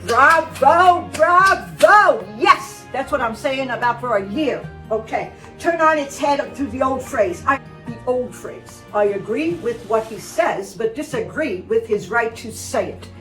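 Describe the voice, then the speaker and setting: A woman's voice: a little high, lively intonation, moderate pace. A woman vlogger giving casual, sarcastic commentary, scolding and repeating words for emphasis. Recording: roomy sound, distant mic, faint music.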